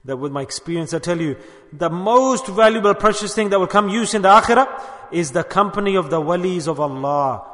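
Male preacher, high and bright, exhorting in a storytelling way, long hall reverb. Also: expressive, brisk. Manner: storytelling, exhorting, mixing Urdu and Arabic religious terms. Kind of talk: sermon.

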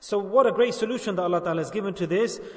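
A high-voiced religious teacher races through a sermon, repeatedly stopping to ask listeners if they understand. He sounds far from the mic, his voice ringing through a large hall with long, roomy reverb.

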